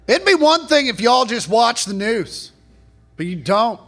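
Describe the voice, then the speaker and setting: A man doing a live stand-up set in a comedy club, mocking and profane, shouting his punchlines. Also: extremely high pitch, big pitch swings, unhurried. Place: comedy club stage before a laughing audience. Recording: live club recording, audience noise.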